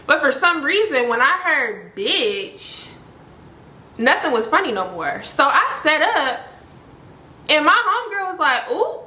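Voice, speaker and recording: A young woman telling a story in a casual vlog, animated and full of "like". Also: a little slow, roomy sound. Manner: animated, heavy use of "like", voices other people with high pitch jumps. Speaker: storytime vlogger.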